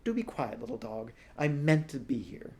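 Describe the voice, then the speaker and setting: A man voicing an earnest, insistent young teenage boy who pleads loudly and high. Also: sing-song, moderate pace, vocal fry.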